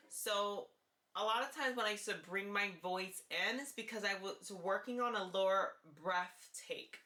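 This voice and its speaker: A woman speaks to her camera in a casual vlog. Her voice is light, bright and placed forward. She talks slowly and earnestly and circles back to repeat her main points, and the room around her adds a noticeable echo. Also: medium pitch. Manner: earnest and deliberate, repeats key phrases. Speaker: vlogger sharing voice therapy progress.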